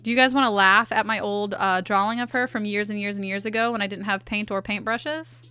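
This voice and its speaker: A woman's voice: medium pitch, steady tone, a little fast, sharp tone, clean tone, no echo. A young woman chatting playfully with her live chat as she draws, answering them aloud. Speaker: artist streamer. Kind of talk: casual livestream chat while drawing.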